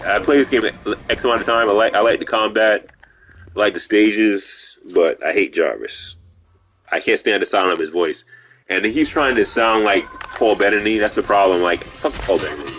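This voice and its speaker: Low-voiced man ranting over gameplay. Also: moderate pace, fairly bright tone. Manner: profane, rambling ranting. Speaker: game streamer. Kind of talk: live gameplay commentary.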